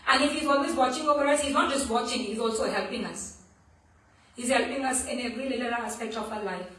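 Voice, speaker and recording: A woman's voice: on the high side, fast, pushed and bright. A woman giving a devotional scripture class at a temple, telling stories earnestly with frequent restarts. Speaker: temple speaker. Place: temple hall. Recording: echoey room from far off.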